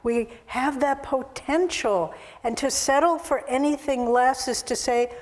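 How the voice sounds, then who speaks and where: Slow, earnest woman giving a sermon. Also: sits high, a little mellow, big-room sound. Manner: earnest and exhortative. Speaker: spiritual teacher.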